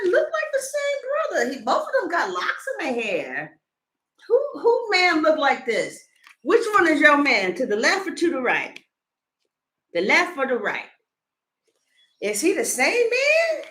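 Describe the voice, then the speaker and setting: Lively, high-voiced woman reading tarot. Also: echoey room. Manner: animated and joking, laughs often, slips into comic voices. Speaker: tarot reader. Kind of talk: casual tarot reading to camera.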